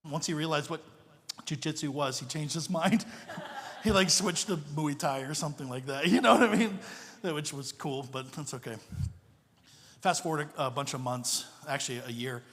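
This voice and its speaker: A man's voice: a little high, normal speed. Joking man preaching in a reverberant church. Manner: animated, joking storyteller. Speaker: missionary pastor, guest speaker. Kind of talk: storytelling sermon. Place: church sanctuary. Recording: long reverb of a church hall.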